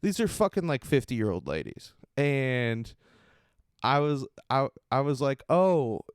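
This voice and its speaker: A young man hosting a podcast, telling a story in a casual, animated way, laughing and acting out what people said in a mocking voice. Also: medium pitch, measured pace, clean tone, dry recording, studio quality. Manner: animated, laughing, acts out quotes in a mocking raised voice. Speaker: podcast host and stand-up comedian.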